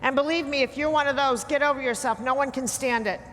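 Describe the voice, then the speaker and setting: A woman's voice: high voice, fast, noisy background. A woman giving a blunt, emphatic talk to a live audience, teasing her listeners as she lectures. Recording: hall reverb with faint ambience.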